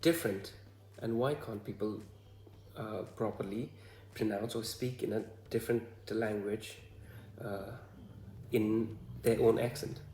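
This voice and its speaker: A man from Bhutan with a Bhutanese accent, talking to the camera in a hesitant, halting way full of fillers. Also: lowish voice, mellow, echoey room. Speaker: vlogger. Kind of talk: casual talk to camera.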